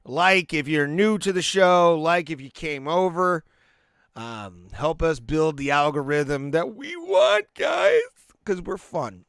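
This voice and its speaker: A man's voice: fairly high pitch, big pitch swings, slow pace, fairly bright tone, smooth, no room sound, studio quality. A man hosting a live stream, giving laid-back play-by-play and reactions to fights, with fillers and restarts. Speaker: podcast host.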